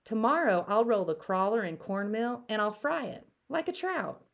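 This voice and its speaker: A woman's voice: medium pitch, expressive, normal speed, vocal fry. A woman voicing an eager, encouraging boy in a storybook read-aloud, sounding upbeat and coaxing.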